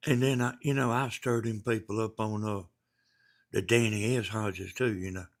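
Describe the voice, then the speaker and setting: Folksy gravelly Georgia man. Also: lowish voice, steady tone, normal speed. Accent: Southern US, Georgia. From Georgia, US South. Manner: folksy, rambling, drawling. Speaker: livestream host. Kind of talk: casual livestream chat, reading viewer comments.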